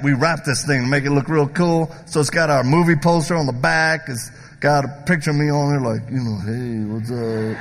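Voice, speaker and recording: A man preaching a sermon who tells stories in an animated, joking way and acts out the voices of the people in them. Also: fairly high pitch. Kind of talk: sermon with storytelling. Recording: long hall reverb.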